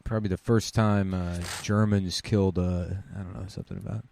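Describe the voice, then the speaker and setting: A man co-hosting and producing a comedy podcast, rambling and hesitant with deadpan asides. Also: low voice, brisk, vocal fry, no echo. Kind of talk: casual comedic banter.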